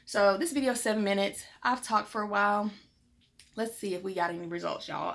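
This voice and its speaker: A woman's voice: mid-range voice, a little fast, vocal fry, fairly bright tone. Young woman, casual and frank, chatting to her viewers at home. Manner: chatty, frank, with many fillers. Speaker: vlogger sharing pregnancy test results. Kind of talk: casual chat to camera. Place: home, indoors.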